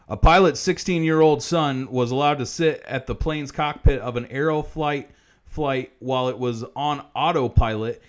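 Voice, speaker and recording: Brief: man, profane comedy stream host, somewhat high voice, rants between mutters and bursts. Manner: swearing constantly, ranting, swinging from mutters to loud outbursts. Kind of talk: profane comedic livestream monologue.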